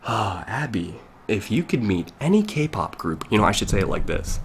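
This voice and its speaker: A man's voice: low-pitched, fairly quick, creaky, hardly any pauses, husky. A young man chatting casually on a live stream, rambling into tangents and laughing often, with the mic very close to his mouth. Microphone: desk mic very close to mouth.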